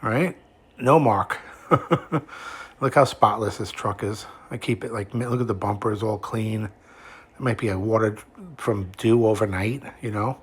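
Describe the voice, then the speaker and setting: Low-voiced man talking through a video. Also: a little slow, slightly rough. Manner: relaxed, pointing things out as he goes. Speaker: customer narrating his own video. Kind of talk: casual narration over a video walkaround.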